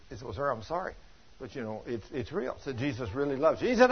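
A man preaching a sermon in a folksy, animated way, retelling conversations as stories. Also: medium pitch, quick pace, husky. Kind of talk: sermon storytelling. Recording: dull lo-fi recording.

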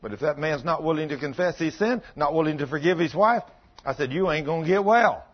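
A man's voice: fairly high pitch, brisk, muffled recording. A man preaching a sermon in a folksy storytelling way, acting out both sides of past conversations. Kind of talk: sermon with acted-out dialogue.

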